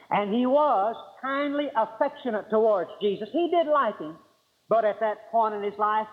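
A man preaching a sermon with emphatic delivery, swinging from high forceful lines to low quiet ones. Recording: dull lo-fi sermon recording.

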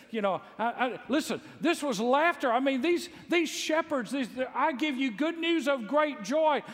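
A man from Mississippi, preaching a sermon in a folksy storytelling way, full of humor and rising to loud exclaims. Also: high-pitched. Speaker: pastor. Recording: long echo of a large hall.

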